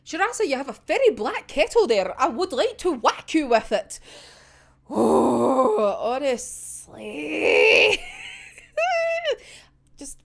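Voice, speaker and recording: A young woman vents about a comic chapter in a heated, sweary rant that keeps breaking into laughter. Her voice sits high and swings widely up and down as she gets worked up. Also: very animated, moderate pace, few pauses. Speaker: manga reaction vlogger. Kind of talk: ranting chapter reaction.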